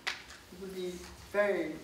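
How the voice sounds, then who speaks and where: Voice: mid-range voice, steady tone, takes it slowly. A guest speaker with a French accent gives a talk to a full lecture room without a microphone, projecting the voice. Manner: unamplified, speaking up to a full room, light laughs. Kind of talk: lecture followed by Q and A. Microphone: no microphone, recorded from far off. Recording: roomy, distant, noisy with no microphone.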